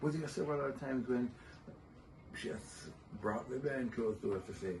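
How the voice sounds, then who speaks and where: A man's voice: medium pitch, a little fast, creaky. An older man, a guest in an interview, chatting and telling family stories and laughing often. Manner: warm storytelling, laughs often. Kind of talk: casual interview talk. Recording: distant mic with faint noise.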